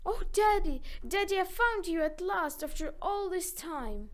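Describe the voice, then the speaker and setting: A woman voicing a frightened little wooden puppet boy who cries out in high, shrill panic. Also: animated, unhurried. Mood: overjoyed.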